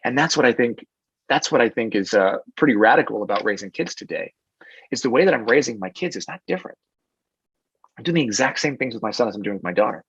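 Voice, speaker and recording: A man's voice: mid-range voice, animated, fast, slightly rough, no echo, lo-fi sound. A man in his thirties answering interview questions in an earnest, reflective way, often restarting his sentences. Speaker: guest.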